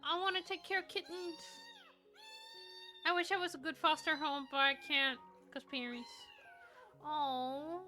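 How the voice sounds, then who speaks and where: A woman's voice: high-pitched, steady tone, moderate pace, sharp tone, faint music behind. A woman streamer chatting casually on a livestream, gushing and cooing in baby talk at a cat video. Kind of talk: casual livestream reaction chat.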